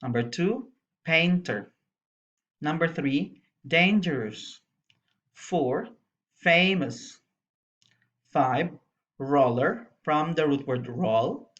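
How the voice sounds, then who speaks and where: A woman's voice: sits low, lively intonation, very slow, pauses often. A woman teacher narrating a recorded English lesson for young pupils, spelling out letters and explaining patiently. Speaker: primary school English teacher. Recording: dull lo-fi voice-over.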